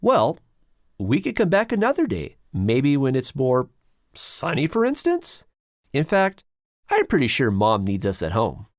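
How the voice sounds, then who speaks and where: In a dry, close storybook reading, a jumpy young boy pipes up high and shrill, his pitch leaping around as fear turns to sarcasm, as the narrator puts him on. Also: wildly swooping pitch, a little slow, dry recording. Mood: nervous.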